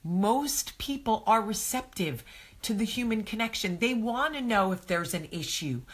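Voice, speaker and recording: A woman's voice: a little high, lively intonation, normal speed, slightly rough. A woman hosting a live advice chat, talking straight to viewers, chatty and effusive as she answers their comments. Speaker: host of a live advice show. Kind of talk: casual live-stream chat.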